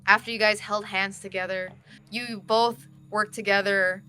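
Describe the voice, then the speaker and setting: A woman's voice: mid-range voice, fairly even intonation, measured pace, pushed and bright. A woman narrating a tabletop role-playing game as game master, laughing often as she goes.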